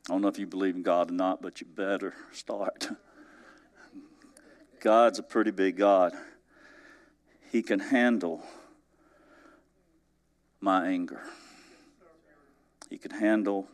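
Male pastor, lowish voice, folksy storytelling sermon, chuckles often, drops to near-hush for emphasis. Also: steady tone, slow, long pauses. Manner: conversational, swinging between emphatic rises and soft, hushed drops; chuckles through his stories.

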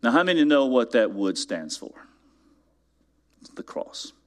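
A man's voice: mid-range voice, measured pace. A man preaching a sermon in church, telling a story with mounting emphasis and asking his congregation rhetorical questions. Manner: animated storytelling, builds to loud emphatic peaks. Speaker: pastor.

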